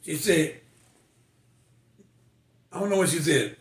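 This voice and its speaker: A man's voice: a little high, animated, takes it slowly, long pauses, echoey room. An older man, a military veteran, telling personal stories in a folksy, emotional way. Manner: folksy, emotional storytelling with quoted voices. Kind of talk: personal storytelling.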